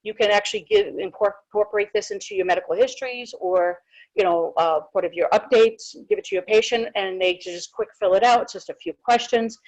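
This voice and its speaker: A woman's voice: medium pitch, darkish tone, poor audio. A woman who is a dental hygienist presents a live webinar in a chatty, informal way, with many small asides. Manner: chatty, informal, frequent fillers and restarts. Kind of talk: casual live webinar talk.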